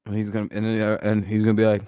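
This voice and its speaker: A man's voice: on the low side, monotone, fast talker, mellow, smooth, dry recording, studio quality. Rambling, profane man chatting sports. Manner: frequent fillers and restarts. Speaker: host. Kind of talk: casual sports talk stream.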